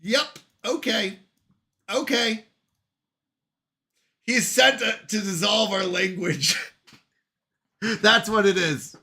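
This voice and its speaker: A man's voice: sits high, very slow, pauses often, sharp tone. A man hosting a casual live stream from his couch at home, reading chat and bantering playfully with lots of laughter. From Canada. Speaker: livestream host reading chat.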